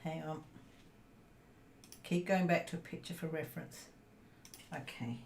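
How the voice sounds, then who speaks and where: Her voice is deep and creaky, and she talks a little slowly. On a crafting livestream, this woman chats casually with viewers and mutters to herself while working. Faint background noise and echo fill the room.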